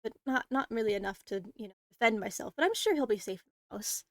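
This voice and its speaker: A woman's voice: fairly high pitch, expressive, quick pace, dry recording, studio quality. A woman voicing a frightened farmer's wife who rambles and stammers. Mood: hesitant.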